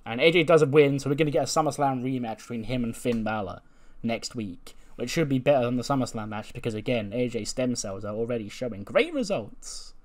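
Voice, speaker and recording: A man's voice: mid-range voice, animated, a little fast. Chatty man narrating a game. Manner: chatty, laughs often. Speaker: gaming YouTuber. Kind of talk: let's play commentary.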